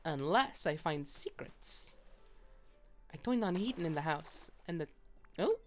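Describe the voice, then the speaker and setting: A woman's voice: low-pitched, lively intonation, a little slow, a little mellow, soft background music. A young British woman chatting casually while streaming a game, rambling and laughing often. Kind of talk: casual gaming stream chat.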